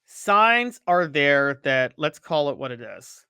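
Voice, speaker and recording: A man hosting a sports talk show, giving animated, opinionated commentary and reading social media posts aloud. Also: fairly high pitch, slow pace, clear, resonant tone, no room sound. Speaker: sports podcast host.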